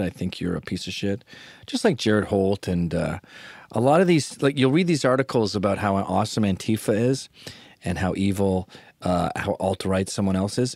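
Man, podcast host, casual monologue, sarcastic, crude, rambling, lowish voice, dry sound. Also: no room sound.

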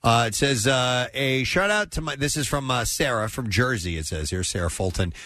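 A male radio host with an animated, up-and-down delivery, chatting and reading listener messages aloud. His voice sits close and dry, with no room sound around it. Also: medium pitch, moderate pace, no echo. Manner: lively, reads listener shout-outs. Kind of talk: casual morning radio banter.

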